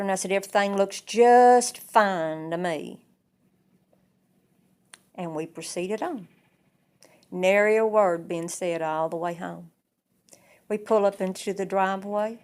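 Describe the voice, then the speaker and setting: A woman telling a personal family story in plain, unhurried present-tense sentences. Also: medium pitch, darkish tone. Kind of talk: oral storytelling.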